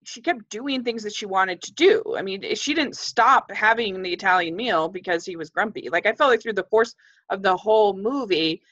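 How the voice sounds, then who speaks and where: A woman in a casual film discussion, speaking in a hesitant, measured way with many restarts. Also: mid-range voice, fairly bright tone. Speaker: film reviewer. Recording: dull lo-fi sound.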